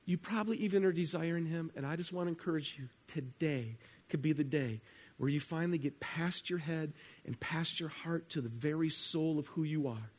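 A man preaching a sermon as pastor, earnest, moving between loud emphasis and hushed, slowed phrases. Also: a little high.

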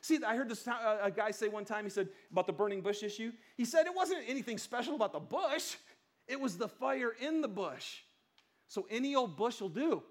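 A man preaching a casual, conversational sermon, chatty and lively with playful asides. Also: extremely high pitch, brisk. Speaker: pastor.

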